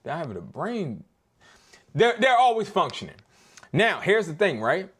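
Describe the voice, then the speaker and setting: A young man hosts a casual livestream lesson in street slang, his pitch swinging widely as he talks. He plays out sales calls in a lower register and then breaks into loud, excited bursts. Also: measured pace, breathy edge. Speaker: host of a live business workshop.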